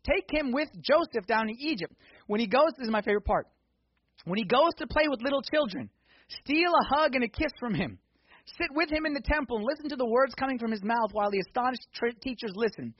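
A man preaching a sermon in a church, swinging from hushed intensity to loud, excited exhortation. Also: extremely high pitch, fairly quick, breathy edge, no echo, highs cut off. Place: church sanctuary.

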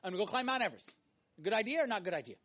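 Animated high-voiced male preacher. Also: racing. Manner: animated, emphatic, swings from loud to hushed. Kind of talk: sermon. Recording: dull lo-fi recording.

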